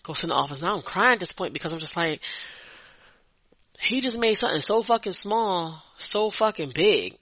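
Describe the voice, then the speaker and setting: A man's voice: sits high, animated, moderate pace, pushed and bright, no room sound, rough recording. A young adult man hosting a podcast, telling a story in a blunt, profane way and often repeating words as he vents. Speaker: podcast host. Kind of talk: casual storytelling monologue.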